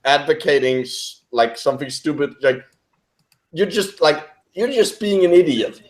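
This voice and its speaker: A man's voice: a little high, lively intonation, a little slow. A man co-hosting a casual online chat, rambling and saying "like" over and over. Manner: rambling, says "like" a lot. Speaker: co-host.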